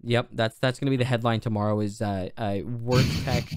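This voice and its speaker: A young man co-hosting a casual tech podcast, joking and relaxed, with plenty of fillers and restarts. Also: mid-range voice, brisk, smooth, no room sound, clean studio sound. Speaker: podcast co-host. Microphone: studio podcast microphone.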